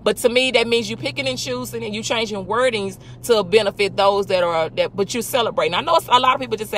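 A woman's voice: fairly high pitch, fast talker, hardly any pauses, a little hiss or hum. A woman hosting a casual faith talk, emphatic and full of rhetorical questions. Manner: emphatic, rhetorical questions, talks back to imagined people. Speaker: host.

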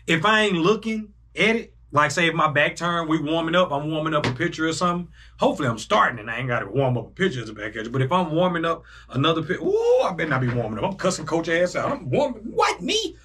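Animated young man reacting loudly. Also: on the high side, quick pace, hardly any pauses, slightly rough. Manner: animated, loud bursts, talks to himself. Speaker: reaction video host. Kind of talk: excited casual reaction commentary.

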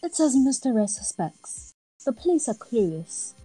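A woman's voice: fairly high pitch, very animated, measured pace, dark tone, husky, faint music behind, voice pushed up, full character voice, low-quality recording. A woman voicing a composed female chief prosecutor in a put-on accent, reading game lines. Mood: grave.

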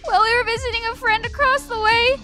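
A woman's voice: extremely high pitch, fairly even intonation, fast, over music, pitched above the performer's own voice. A woman voicing a tearful teenage girl pleading with a police officer in a tabletop game. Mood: pleading tearfully. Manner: distressed, pleading.

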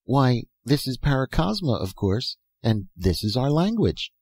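A man with a deep, husky voice voicing a young otherworldly girl who speaks softly, slowly and carefully, with a playful, teasing manner. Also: big pitch swings, no echo, heavily acted. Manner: soft, slow, careful speech.

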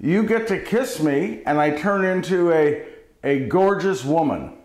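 A man voicing a small, cheeky talking frog in a high, chirpy storytelling voice. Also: animated, unhurried. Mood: boastful. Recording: roomy echo.

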